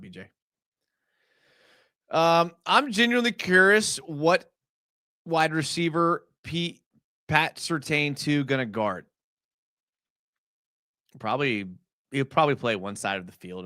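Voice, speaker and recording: A young man hosting a casual live stream. He breaks down game film in a chatty way, full of fillers, and gets excited as he talks. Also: fairly high pitch, a little slow, long pauses, no room sound, clean studio sound.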